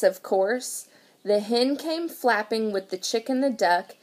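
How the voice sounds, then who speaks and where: A preschool teacher, a woman, reading a picture book aloud to young children in an animated way and asking them questions. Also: medium pitch.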